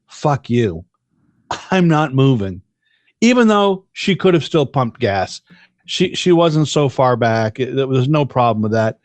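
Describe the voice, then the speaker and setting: Guy on a podcast going off on a sweary story, keeps restarting, highish voice, dry sound. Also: no room sound. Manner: profane, rambling storyteller with many restarts. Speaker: podcast co-host. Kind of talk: casual chat.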